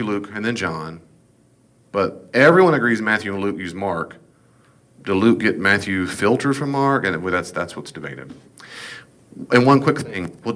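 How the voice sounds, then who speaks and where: A man's voice: lowish voice, fairly bright tone. A man teaching an informal Bible class, folksy and digressive with joking asides.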